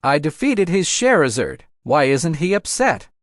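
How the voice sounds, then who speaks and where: A man's voice: a little high, sing-song, a little slow, dry recording, clean studio sound. A man voicing a cocky, taunting young male rival trainer while reading a storybook aloud. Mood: smug. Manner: taunting, self-assured.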